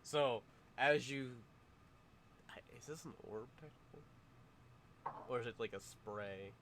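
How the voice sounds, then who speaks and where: A man narrating a tabletop game as its game master, describing the action in a halting, good-humored way, often chuckling. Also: mid-range voice, a bit bright, slight background noise.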